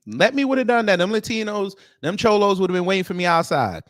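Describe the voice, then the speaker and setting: A man's voice: high-pitched, lively intonation, fast talker, fairly bright tone, dry recording, clean studio sound. Stammering man hosting reaction commentary. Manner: stammering restarts, conversational and addressing viewers as family. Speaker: commentary show host.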